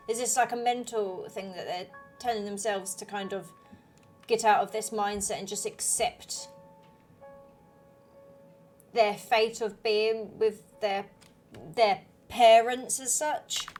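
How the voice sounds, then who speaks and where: A woman commenting on a story game as she plays, musing aloud in a thoughtful, speculative way. Her voice sits at a middle pitch, with faint game music under it. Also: fairly even intonation, slow, darkish tone. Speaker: gaming channel host.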